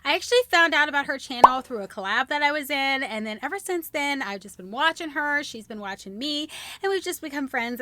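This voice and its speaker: A high, bright woman's voice, eager and sparkly as she unboxes gifts for her channel. She gushes nonstop, breaking into gasps and squeals. The sound is close and dry, with no room around it. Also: no echo. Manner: gushing, excitable, frequent gasps and squeals. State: short on sleep. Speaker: DIY channel host. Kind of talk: unboxing vlog.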